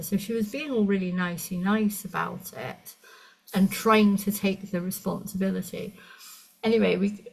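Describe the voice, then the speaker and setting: Woman healer, gravelly, rambling storyteller, casual chat. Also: on the low side, a little mellow, low-quality recording. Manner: chatty storytelling, restarts, quick asides. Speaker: energy medicine practitioner. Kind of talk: casual conversation with a client.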